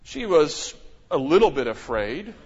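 A middle-aged man preaching a sermon as a pastor, talking in an animated way with many rhetorical questions and sudden emphasis. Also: on the high side, a little slow, breathy edge. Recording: dull, echoey church hall.

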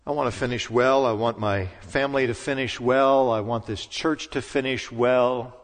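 A middle-aged man giving an earnest sermon as pastor, pausing for emphasis. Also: medium pitch, fairly even intonation. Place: church sanctuary. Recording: long church reverb.

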